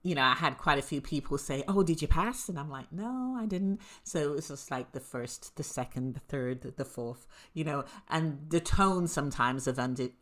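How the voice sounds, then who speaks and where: A woman's voice: extremely low pitch, steady tone, moderate pace, few pauses, fairly bright tone. A woman co-hosting a talk show, candidly telling a personal story with frequent laughs. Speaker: co-host. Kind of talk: casual chat.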